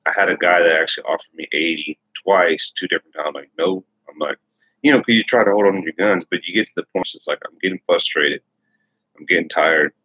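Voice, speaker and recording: A man's voice: low-pitched, quick pace, pushed and bright, husky, dry recording, highs cut off. A man hosting a casual livestream, rambling and repeating himself as he reads viewer comments aloud. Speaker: livestream host.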